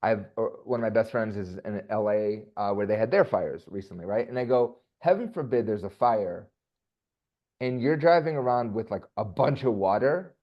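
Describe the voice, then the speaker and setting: A man talking casually as an interview guest, animated and chatty with quick asides. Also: on the low side, dull audio. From United States.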